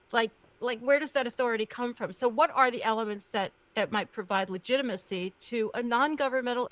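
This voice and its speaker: Woman host, earnest, searching for words, mid pitch, dry sound. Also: fairly bright tone, no room sound. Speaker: podcast host. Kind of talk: interviewing guests.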